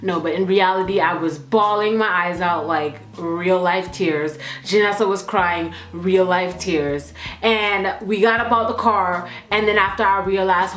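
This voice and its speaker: A young woman telling a storytime vlog in an animated, slangy, profane way. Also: on the low side, a little slow. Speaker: vlogger. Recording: roomy echo, faint music.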